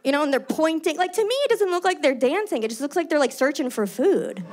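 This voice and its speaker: A young New woman, loud and brash as she talks her way through a stand-up set. Her voice sits high and carries over a handheld mic, with the noise of a live room underneath. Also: expressive, fast talker, hardly any pauses. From New York. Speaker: stand-up comedian. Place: stage before a live audience.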